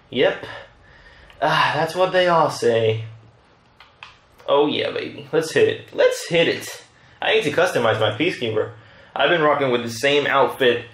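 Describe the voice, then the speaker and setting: A man casually commentating his own gameplay, excitable and rambling, trash-talking his opponents. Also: mid-range voice, echoey room. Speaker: gaming channel host.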